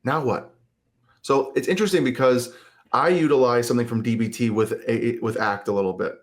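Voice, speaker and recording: A man of middle pitch talks like a therapist in a relaxed interview. He explains in a loose, conversational way and slips into lively quoted self-talk to make his points. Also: fairly quick. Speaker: therapist guest.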